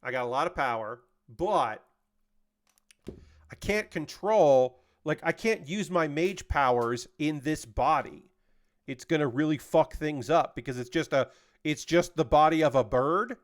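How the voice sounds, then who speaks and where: Bird mage from another world, male, grand and self-important, slow pompous delivery, somewhat high voice, put on by a man retelling a story. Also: close to an everyday voice. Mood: urgent.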